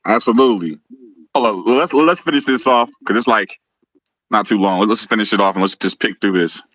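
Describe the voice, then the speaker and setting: Male live-stream host. Heated and mocking, bright forceful voice, very dry sound. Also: on the low side, fairly quick, dry recording, poor audio. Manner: heated, mocking, laughs often, stumbles and repeats words. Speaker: host of a live video show.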